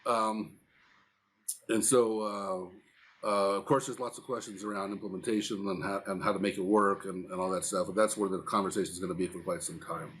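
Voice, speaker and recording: A man's voice: deep voice, steady tone, a little fast, fairly bright tone. A man co-hosting a casual industry talk show, talking loosely with many fillers and restarts. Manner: conversational, frequent fillers and restarts. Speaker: podcast co-host.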